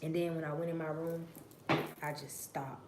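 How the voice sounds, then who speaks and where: Woman host, lowish voice, profane and preachy livestream monologue that drops to murmurs and then rises to loud bursts, faint hiss behind. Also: flat delivery, normal speed. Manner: profane, preachy storytelling addressing viewers as y'all; swings between low murmurs and loud emphatic bursts.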